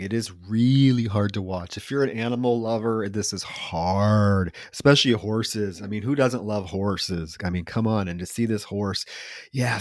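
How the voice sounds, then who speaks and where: Male podcast co-host, lowish voice, dry close sound, rambling chatty recap. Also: no echo. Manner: rambling, animated retelling with fillers. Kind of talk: casual chat recapping a film.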